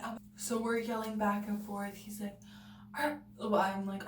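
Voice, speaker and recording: A young woman vlogger tells a personal story to camera in a chatty way, peppering it with "like" and "you know" and acting out what people said. Her voice is fairly high and a little mellow, with fairly even intonation at a normal speed. The room is echoey, the mic sits at a distance, and there's faint noise.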